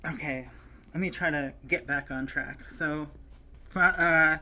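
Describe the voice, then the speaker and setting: On camera, a woman shares a personal story in a deep voice with a sharp tone. She's near tears and emotional, her speech halting and rambling, full of fillers and false starts.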